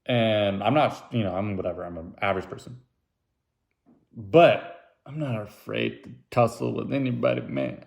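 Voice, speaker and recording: A young adult man hosting a casual solo podcast, rambling with self-mocking jokes and dropping into silly high voices when quoting people. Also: moderate pace, vocal fry, darkish tone. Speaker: podcast host.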